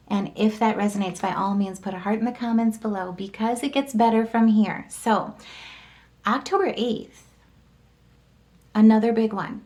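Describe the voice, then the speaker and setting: A woman's voice: medium pitch, darkish tone. Woman doing a horoscope tarot reading, chatty and upbeat, talks to the viewer a lot. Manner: enthusiastic, chatty, lots of "right?" and "like". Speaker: tarot and astrology reader. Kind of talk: casual spoken horoscope reading.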